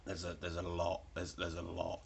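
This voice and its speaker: A man's voice: sits low, monotone, moderate pace, creaky, slight background noise. A young man telling a story in a rambling, casual way, with lots of fillers and swearing. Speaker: vlogger.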